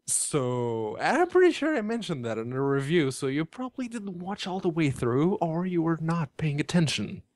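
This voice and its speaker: A man's voice: fairly high pitch, big pitch swings, moderate pace, hardly any pauses, darkish tone, no room sound. A man co-hosting a gaming podcast, explaining technical points bluntly with swearing. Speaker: podcast co-host. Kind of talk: casual banter podcast.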